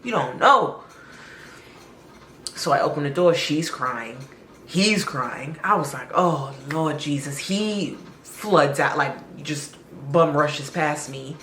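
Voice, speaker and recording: A woman with a low, unhurried voice tells a personal story in a chatty, expressive way, stretching out words for effect. Her tone is bright and forward, and the room gives back a noticeable echo. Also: slight background noise. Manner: chatty, expressive, drawn-out emphasis. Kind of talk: casual storytime vlog.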